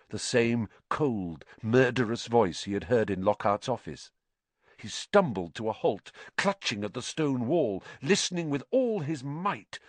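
A man narrating an audiobook with expressive, dramatic storytelling. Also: fairly low pitch, no echo. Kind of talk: scripted narration.

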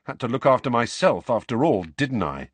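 A man's voice: medium pitch, big pitch swings, moderate pace, husky, no echo. A man reading the part of a bitter, defiant teenage boy in an audiobook, in clipped, rising lines. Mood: angry.

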